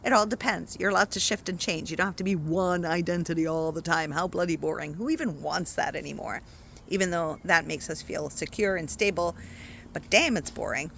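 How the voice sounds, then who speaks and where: A woman spiritual coach talking casually to her viewers in an expressive, chatty way, often checking in with "right?". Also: fairly low pitch, fairly quick, gravelly, slight background noise. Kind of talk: casual spiritual talk to camera.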